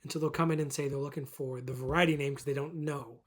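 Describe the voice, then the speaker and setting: A man's voice: mid-range voice, fairly even intonation, quick pace, breathy edge. A young man from Calgary ranting casually to camera as a vlogger, swearing a lot, laughing often and rambling. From Calgary, Canada.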